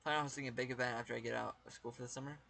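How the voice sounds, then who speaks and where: A man's voice: medium pitch, steady tone, rapid-fire, vocal fry, sharp tone. A man with a Southern US accent, chatting casually with his live-stream viewers, rambling and swearing as he talks to chat.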